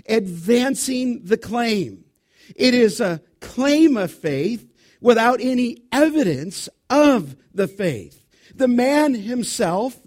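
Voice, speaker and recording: A middle-aged male pastor preaching an expository sermon, emphatic and slowing down to stress key words. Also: high-pitched, a little mellow.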